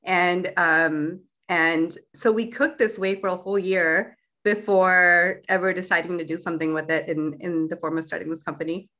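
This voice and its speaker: A young adult woman, a food company founder, chatting as a guest in a casual interview and often filling pauses with um and like. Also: fairly low pitch, fairly even intonation, pushed and bright. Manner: chatty, many fillers like um and like.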